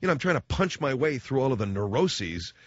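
A man's voice: medium pitch, big pitch swings, a little fast, slightly rough, no echo. A man in his forties delivering a rambling, self-mocking comedic monologue as a radio host. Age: 40s. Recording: slightly dull lo-fi recording.

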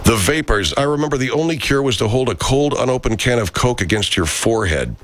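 A man's voice: medium pitch, animated, fairly quick, a little hiss or hum. A man hosting a live stream, chatting casually and reading viewer comments aloud, loose and profane, speaking into a studio microphone. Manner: loose and profane, aside-heavy.

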